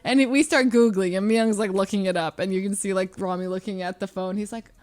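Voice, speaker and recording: A young woman streamer telling a story to her chat in a lively, giggly way. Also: mid-range voice, brisk. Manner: animated, giggly, acts out others' lines.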